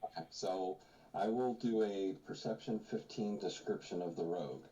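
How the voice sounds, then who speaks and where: A man with a fairly low voice playing a tabletop game. He declares his knight's moves and chats about dice rolls in an easygoing, matter-of-fact way. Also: moderate pace, mellow, low-quality recording. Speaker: player. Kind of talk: casual tabletop game chat.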